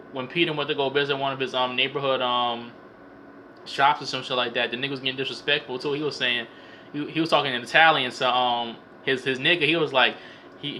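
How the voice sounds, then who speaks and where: A young man with a bright, forceful voice rambles through a casual film recap, full of slang and swearing. He stumbles and repeats words as he talks, at a middle pitch for a man. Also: slight background noise. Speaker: vlogger reviewing a film. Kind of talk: casual profane comedic movie recap.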